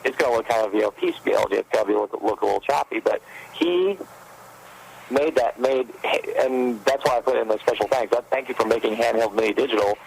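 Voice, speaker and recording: A man, a fan filmmaker guest, telling stories in a rambling, animated way during a casual interview, with a gravelly voice. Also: medium pitch, fairly quick, low-quality recording.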